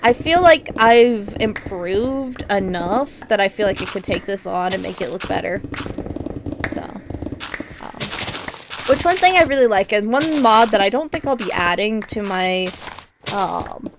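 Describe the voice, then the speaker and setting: A woman's voice: mid-range voice, expressive, unhurried. A woman streamer chatting casually while playing a block-building game, rambling with lots of fillers and frequent giggles. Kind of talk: casual gaming stream chat. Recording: audible background noise.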